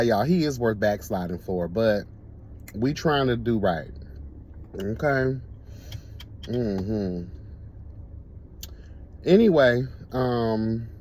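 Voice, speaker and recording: A man hosting a casual talk show, telling stories in a camp, animated way and laughing often. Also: on the high side. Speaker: host. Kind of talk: casual storytelling chat.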